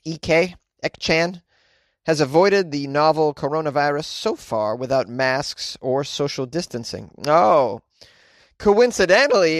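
A man's voice: on the high side, a bit bright, dry recording. A man reading news items aloud and breaking in with sarcastic, exaggerated comic asides. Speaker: comedy news commentator. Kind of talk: comedic news reaction.

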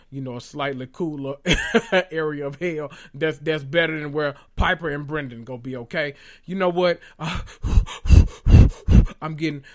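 A man hosting a podcast, gossiping about reality TV in an animated, sassy and profane way, talking straight to his listeners. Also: a little high. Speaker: podcast host. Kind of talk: casual reality TV gossip monologue.

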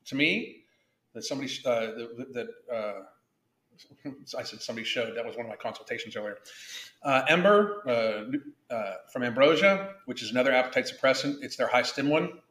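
A man's voice: medium pitch, fairly bright tone. Man, podcast host, blunt, profane, rambling, echoey room. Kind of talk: casual podcast chat.

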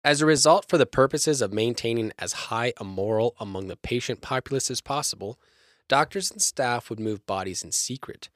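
A young man co-hosts a podcast, reading his research notes at a steady clip and slipping into silly voices for jokes between them. His voice sits mid-range with a fairly bright tone at a normal speed. The studio sound is clean, with no echo.

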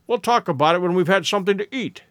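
A man voicing an eager, sharp male detective who makes brisk, emphatic deductions in an audiobook reading. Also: high voice, lively intonation, no echo, clean studio sound. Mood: breezy.

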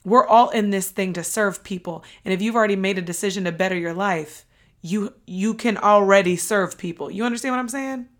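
A young adult woman hosting a motivational podcast, hoarse and a bit out of breath from losing her voice, talking in an energetic, emphatic, casual way with the odd swear. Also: medium pitch, brisk. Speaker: podcast host.

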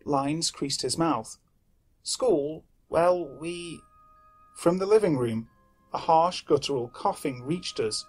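A man reads a horror story in a measured, somber voice that is husky and pitched a little high. Faint music plays under his narration. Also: expressive.

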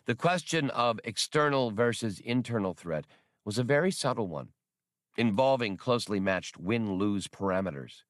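A man reading a science fiction novel aloud as an audiobook narrator, with expressive storytelling. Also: mid-range voice, dry recording, clean studio sound.

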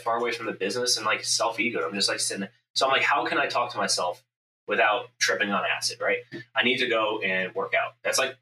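Intense profane man, bright echoey sound. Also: lowish voice. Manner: intense, profane storytelling, acts out his inner voice. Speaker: podcast host, business owner. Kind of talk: casual podcast chat. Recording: echoey room, mic at a distance, faint ambient noise.

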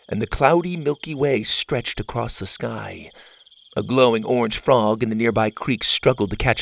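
A man narrating a children's adventure story in an expressive, animated way. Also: fairly low pitch, vocal fry.

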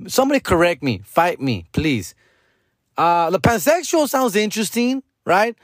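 A man in middle age speaks, voice sitting slightly high. He rambles in a slangy, profane drawl and drifts into Spanish now and then. The sound is dry and close, with no room echo. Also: sing-song, moderate pace. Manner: slangy, profane, bilingual Spanish code-switching. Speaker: podcast host. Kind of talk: casual monologue.

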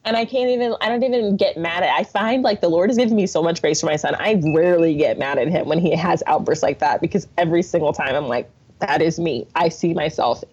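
A woman guest on a podcast, telling stories with animation and acting out the voices she quotes. Her voice is low-pitched and husky. The recording sounds dull and lo-fi. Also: quick pace, hardly any pauses. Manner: animated storyteller, acts out quotes. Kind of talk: casual chat.

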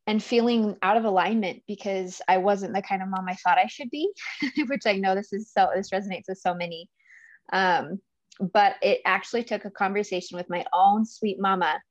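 A woman's voice: mid-range voice, normal speed, dry recording, highs cut off. A woman speaking as a guest coach in a casual interview, earnest and emotional, often laughing as she talks. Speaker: guest, business coach for mothers.

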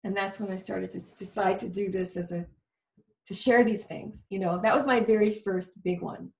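A woman's voice: mid-range voice, fairly even intonation, normal speed, creaky. A woman guest earnestly telling a personal story in a conversation. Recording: roomy, distant sound.

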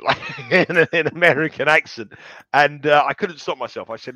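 A man's voice: medium pitch, normal speed, sharp tone, no echo. A man co-hosting a betting podcast, telling stories in a rambling, self-mocking way with many restarts. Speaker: podcast co-host, betting tipster. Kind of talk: casual podcast chat. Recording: slightly dull lo-fi sound.

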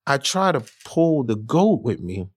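A man telling a funny story casually, animated and slangy, acting out the other people's voices. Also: mid-range voice, unhurried, breathy edge, dry recording. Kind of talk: casual anecdote.

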